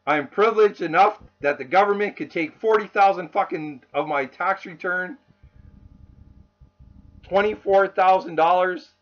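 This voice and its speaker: An angry man rants into his camera, swearing nonstop in a raw voice that sits fairly high for a man. The sound is dull and lo-fi, like a cheap home recording. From Canada. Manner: furious, swearing constantly, raw. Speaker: vlogger. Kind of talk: angry profane rant.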